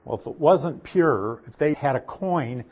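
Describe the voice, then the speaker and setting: A man's voice: fairly high pitch, lively intonation, a little slow, darkish tone, husky. A man preaching a verse-by-verse Bible teaching, who explains Greek words and repeats his key points. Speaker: pastor.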